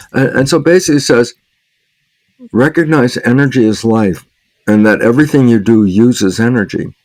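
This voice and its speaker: A gravelly-voiced man speaks as an interview guest, retelling exchanges by playing both sides and laughing softly between points. His voice sits mid-range, and the recording is close and dry. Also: mid-range voice, no room sound. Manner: acts out quoted exchanges, chuckles often. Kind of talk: conversational interview answer.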